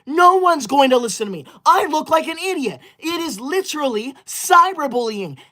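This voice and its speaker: This comedic character bit has a man using a very high, very animated, sharp and exaggerated voice at normal speed. His role is an indignant boy livestreamer, a touchy, self-righteous teacher's pet given to melodramatic outbursts where he scolds and bans viewers.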